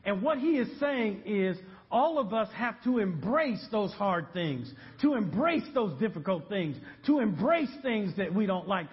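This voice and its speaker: A male pastor preaching a sermon, animated and humorous, building to shouts. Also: high voice, unhurried, hardly any pauses, long reverb tail, muffled recording.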